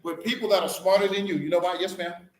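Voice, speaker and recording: A man's voice: sits high, steady tone, quick pace. A man giving a motivational speech to school staff, firing rhetorical questions at the crowd. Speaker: school district leader addressing staff. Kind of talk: motivational speech to a live audience. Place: large echoey hall. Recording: echoey hall from far off with faint noise.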